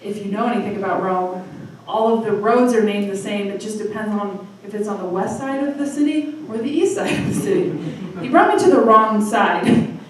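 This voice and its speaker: A woman's voice: medium pitch, distant mic. Chatty woman telling a story in an echoey room. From Michigan, USA. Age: 30s. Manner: chatty, self-deprecating, quick asides. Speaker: storytelling night host. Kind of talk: live personal storytelling. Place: live storytelling venue with audience. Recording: echoey room from afar, faint noise.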